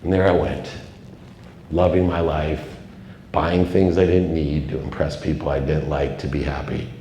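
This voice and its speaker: A middle-aged man giving a confessional, emotional motivational speech on stage, with dramatic swings in loudness. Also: very deep voice, fairly even intonation, moderate pace, slight background noise. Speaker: keynote speaker. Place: large event hall. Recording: echoey hall with long reverb.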